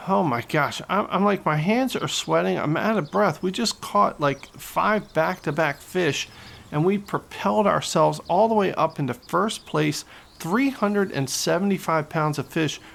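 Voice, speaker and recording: A man giving excitable, playful gameplay commentary as host of his gaming channel. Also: fairly high pitch, gravelly. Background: loud game music.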